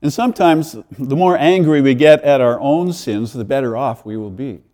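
A man's voice: mid-range voice, moderate pace, mellow. A male pastor giving a conversational sermon, with friendly asides and the odd chuckle.

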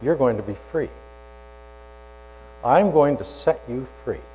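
A man preaching a sermon, voicing a calm, knowing male teacher who speaks gently and unhurriedly. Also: mid-range voice, measured pace, a little hiss or hum, voice pushed down, natural voice, rough recording. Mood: gentle, knowing.

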